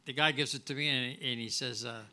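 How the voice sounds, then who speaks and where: A man's voice: mid-range voice, brisk. An older man, a guest at a live restaurant event, telling a story casually and acting out the dialogue, with frequent restarts. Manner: animated, acts out dialogue, many restarts.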